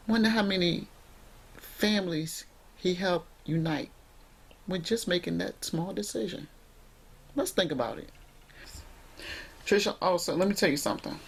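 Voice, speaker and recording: A woman's voice: lowish voice, a little slow, pauses often, slightly rough. A woman vlogger talking straight to camera in an emphatic, preachy way, speaking directly to her viewers from indoors at home on the camera mic.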